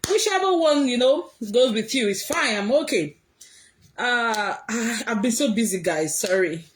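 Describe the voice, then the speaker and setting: Woman vlogger, high voice, blunt and emphatic, talking straight to viewers. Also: measured pace, slight background noise. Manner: emphatic, animated, often raising her voice. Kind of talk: casual commentary to viewers.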